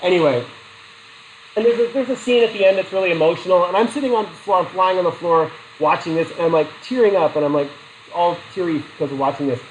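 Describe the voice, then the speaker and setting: A man's voice: high-pitched, fast talker, a little hiss or hum, rough recording. Chatty male psychology teacher lecturing. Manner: chatty, asks the class questions, tells personal stories. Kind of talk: classroom lecture.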